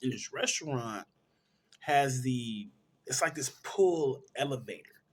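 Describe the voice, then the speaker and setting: A man with a husky, slightly breathy voice talks through a movie's plot for his review. He tells it casually and with a lot of energy, often stopping to correct himself. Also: medium pitch, slow. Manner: animated storytelling, correcting himself mid-sentence. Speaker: film reviewer.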